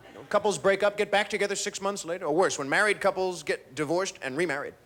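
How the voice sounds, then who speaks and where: A man's voice: sits high, fast talker, a bit bright. A man doing a dry, wry stand-up routine who puts questions to the audience. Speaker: stand-up comedian. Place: stage before a live audience. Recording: noisy live stage recording.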